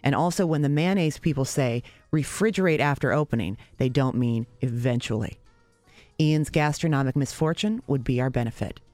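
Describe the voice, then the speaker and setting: A woman telling a personal story in a wry, sarcastic, self-mocking way, with sudden leaps in pitch for emphasis. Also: normal speed, darkish tone, dry recording, faint music behind.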